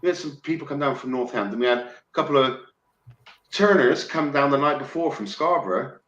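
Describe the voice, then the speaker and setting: A man from England in casual podcast chat, excitable, swearing freely and stumbling over restarts. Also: medium pitch, fairly quick, lo-fi sound. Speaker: podcast guest. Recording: roomy with faint noise.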